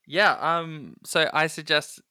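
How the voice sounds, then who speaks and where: A man's voice: fairly high pitch, takes it slowly, pushed and bright, no echo, clean studio sound. A man co-hosting a podcast in casual chat, talking loosely with many fillers and little laughs. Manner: chatty, filler-heavy, amused. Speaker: podcast co-host.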